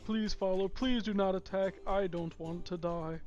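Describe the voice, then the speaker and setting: A man's voice: sits high, fairly even intonation, normal speed, darkish tone, dull audio, soft background music, close to an everyday voice. A man voicing a timid, polite male creature guide in a tabletop game, pleading in formal, careful phrases.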